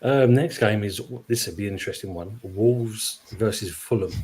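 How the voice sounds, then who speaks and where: A man hosting a casual football chat, relaxed and agreeable as he moves through the fixtures. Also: fairly low pitch, moderate pace, a little hiss or hum. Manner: leads the running order, relaxed and agreeable.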